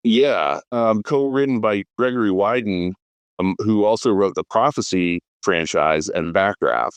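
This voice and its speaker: A man in his fifties talks movies on a podcast. He's enthusiastic and rattles off cast lists and credits between lots of ums. His voice sits a little low, recorded close and totally dry. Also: a little slow, clean tone, no echo. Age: 50s. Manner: enthusiastic, rattles off names and credits, frequent fillers. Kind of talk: casual film podcast chat.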